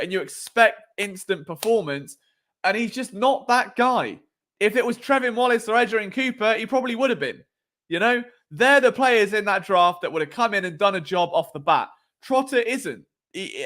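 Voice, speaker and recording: A man's voice: high-pitched, pushed and bright. A man in his late twenties, hosting a casual sports live stream from home at night, chatty and jokey, often tripping over names. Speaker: sports podcast host. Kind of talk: casual live stream chat reading comments. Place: home at night, below noisy neighbours.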